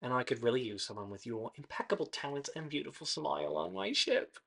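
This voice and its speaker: Man doing a sly sweet-talking woman captain, bright tone, a bit higher than his own voice, tabletop game. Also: quick pace, full character voice. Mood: flirty. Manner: smooth-talking, flattering, sly. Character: flirty female crew-recruiting ship captain.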